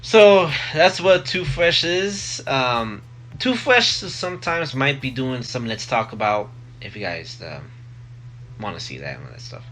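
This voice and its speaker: A young man talking casually into a close mic for his vlog, rambling with many pauses and restarts. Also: medium pitch, sing-song, a bit bright. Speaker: vlogger. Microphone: close desk mic.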